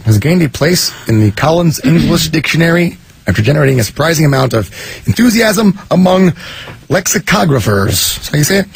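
Male radio host, husky gravelly voice, lively pitch, playful news banter. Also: brisk, dry recording, low-quality recording. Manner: reads news items with playful asides.

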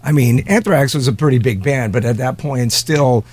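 A middle-aged man, a guest musician, talking in a relaxed, thoughtful way about his early musical influences. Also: medium pitch, moderate pace, breathy edge. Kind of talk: casual chat.

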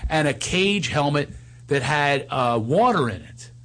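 A man hosting a casual chat, telling animated stories and laughing often. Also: a little high, a little slow. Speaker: host.

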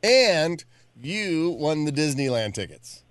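A man's voice: fairly high pitch, sing-song, slow pace, smooth, no room sound. A man hosting a radio show, talking in an easygoing way and plugging events. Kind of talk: casual radio talk. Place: radio studio.

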